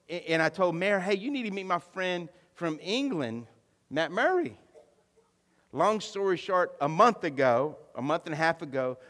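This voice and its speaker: A man's voice: on the high side, a bit bright. A middle-aged pastor, telling stories from his family and rising into fervent preaching in a church sermon. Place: church sanctuary. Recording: long hall reverb.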